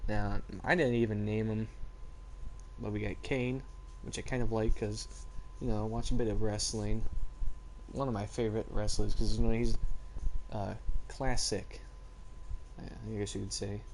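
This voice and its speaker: A man's voice: fairly low pitch, little pitch movement, normal speed, a little mellow, slight background noise. A teenage boy chatting casually and rambling as he tells stories in a vlog. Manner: rambling, laid-back storytelling. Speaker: vlogger. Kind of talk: casual chat.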